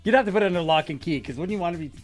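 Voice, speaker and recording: Upbeat high-voiced male radio co-host. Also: animated, very fast, soft background music. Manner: enthusiastic, playful quips. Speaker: radio morning show co-host. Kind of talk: casual radio banter. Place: radio studio.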